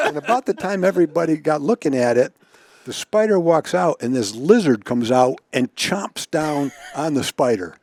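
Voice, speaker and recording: A man's voice: fairly high pitch, lively intonation, moderate pace, creaky, a little mellow. Chuckling man telling stories. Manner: chuckles often, repeats words while telling stories. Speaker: guest storyteller. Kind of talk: casual anecdote telling.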